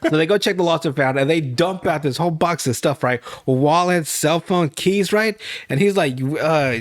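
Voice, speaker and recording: A man's voice: fairly high pitch, normal speed. A young man hosting a podcast, rambling through a profane, laugh-filled recap of a TV episode. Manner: rambling, profane, laughs loudly at his own story. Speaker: podcast host.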